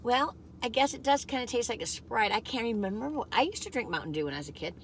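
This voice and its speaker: A woman's voice: fairly high pitch, lively intonation, fast talker, a little hiss or hum. A chatty woman vlogging a food taste test, rambling as she eats and laughing often. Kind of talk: casual chat.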